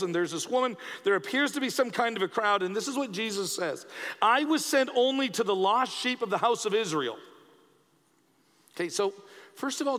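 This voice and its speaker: Male pastor, high voice, conversational sermon delivery with repeated emphasis; long hall reverb. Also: a bit bright.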